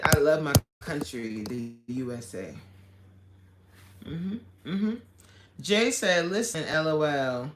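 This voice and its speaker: A woman's voice: sits low, reverberant. A woman fitness coach hosting a casual livestream, reading viewer comments aloud with playful, slangy banter and frequent laughter.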